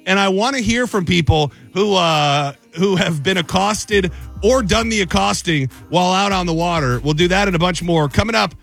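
A young man hosting a radio call-in show, bantering in a quick, jokey way. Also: high voice, creaky, a bit bright, faint music behind. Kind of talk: casual radio chat.

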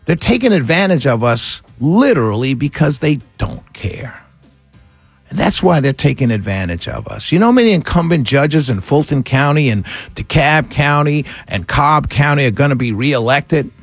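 A man's voice: on the high side, lively intonation, moderate pace, breathy edge, no echo, soft background music. Impassioned ranting radio host, man. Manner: impassioned, ranting, sarcastic, laughs between points. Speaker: radio talk show host. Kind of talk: opinionated radio monologue.

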